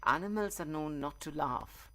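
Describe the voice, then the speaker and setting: A man's voice: a little high, moderate pace, pushed and bright. A man co-hosting on radio, making brief encouraging remarks.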